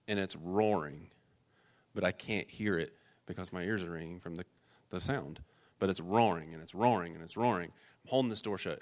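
A preacher whose voice swings loud and soft. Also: male voice, on the low side. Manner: storytelling, dramatic swings from loud to hushed. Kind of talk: sermon.

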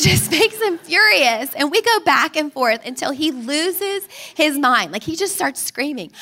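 A woman's voice: high voice, expressive, moderate pace, hardly any pauses, sharp tone. A woman in her thirties giving a sermon, telling family stories and acting out her own pleading and her child's cries. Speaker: speaker.

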